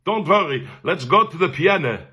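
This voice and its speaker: A man's voice: fairly high pitch, expressive, normal speed, pushed and bright, slightly rough, voice pushed up, heavily acted. An older man voicing a pompous, heavyset Viennese male voice teacher with a German accent, grand and commanding. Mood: reassuring. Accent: German-accented English.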